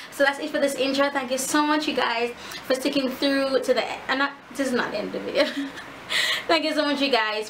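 A woman's voice: on the high side, fairly bright tone, a little hiss or hum, rough recording. A woman makeup artist chatting casually through a tutorial intro, rambling a little with fillers.

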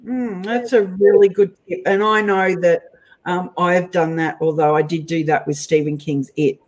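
A woman's voice: fairly low pitch, steady tone, normal speed, a little mellow, low-quality recording. A woman with an Australian accent, hosting an interview in a chatty, playful way and laughing often. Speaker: host. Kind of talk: casual interview chat.

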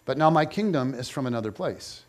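A man voicing a calm male teacher who answers his accusers in a steady, plain-spoken way, as part of a scripture reading. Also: mid-range voice, fairly quick, close to an everyday voice.

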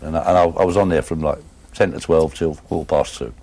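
Husky deep Cockney man, fast. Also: fairly even intonation, warm tone. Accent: London Cockney. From England. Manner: rambling, "you know what I mean" tags. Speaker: former darts player telling stories. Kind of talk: casual anecdotal chat.

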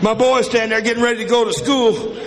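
A man's voice: very high-pitched, fairly even intonation, fast talker. A man doing a crude, profane stand-up comedy set, telling stories and acting out quoted voices on a club stage. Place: comedy club stage before a live audience. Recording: live club recording with crowd and reverb.

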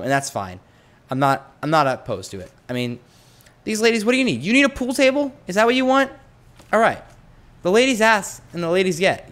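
A young adult man hosting a let's play, chatting through a prison-building game with mumbled asides and excited yelps. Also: medium pitch. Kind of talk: gameplay commentary.

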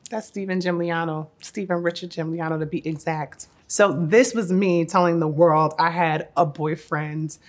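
A woman in her thirties from Newark looks back on her acting career in a casual retrospective. Her voice sits a little low. She talks effusively and from the heart, and drops in playful asides. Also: steady tone, normal speed, few pauses. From Newark, New Jersey. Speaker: actress.

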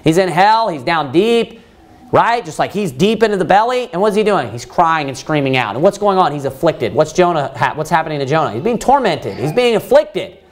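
This preacher has a fairly high, very animated voice and talks fairly quickly. His emphatic sermon is full of rhetorical questions he answers for the congregation, plus scripture quoted in old-fashioned phrasing.

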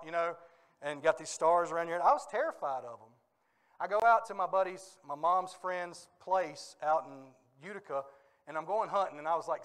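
A male pastor preaching a sermon in a church, telling stories with lively energy and bursts of laughter. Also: fairly high pitch. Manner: animated storytelling with bursts of laughter. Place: church sanctuary.

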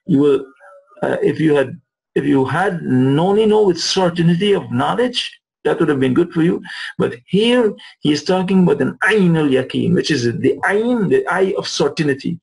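A man's voice: on the high side, lively intonation, normal speed, creaky, darkish tone, slightly rough, rough recording. A man teaching Arabic words of the Quran, repeating and restating terms as he explains them. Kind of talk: recorded lesson explaining verses.

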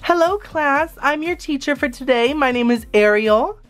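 A woman voicing a vain, bossy mermaid teacher doll in a toy skit, slow and condescending. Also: high-pitched, expressive, pitched above the performer's own voice. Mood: prim.

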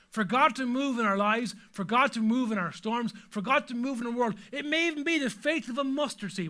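A man's voice: very high voice, pushed and bright. A man preaching a sermon as pastor, telling stories with humor and animation.

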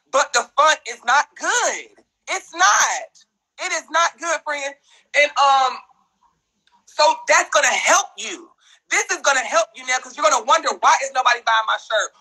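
A man's voice: very high voice, bright, forceful tone, low-quality recording. A man ranting bluntly and profanely on a phone livestream. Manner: blunt, profane, fast-talking rant. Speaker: social media personality.

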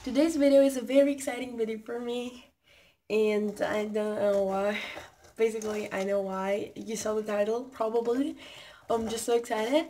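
A teenage girl vlogging on her phone, gushing and halting, repeating herself with excitement. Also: on the high side. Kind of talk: casual excited vlog.

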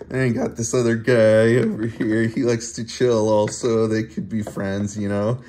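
A man casually showing off his toy collection, giggling often and talking haltingly with many fillers and restarts. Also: fairly low pitch, darkish tone, a little hiss or hum. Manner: giggly, laughs often between phrases. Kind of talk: casual show-and-tell video.

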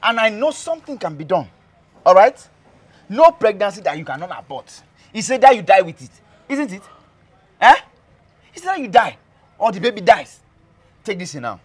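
A man's voice: high voice, very animated, normal speed, pauses often, breathy edge, no echo, heavily acted. A man playing a cruel, spiteful husband who threatens his pregnant wife, taunting with mocking questions. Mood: menacing. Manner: taunting, menacing, tag questions "eh?". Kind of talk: web skit drama acting.

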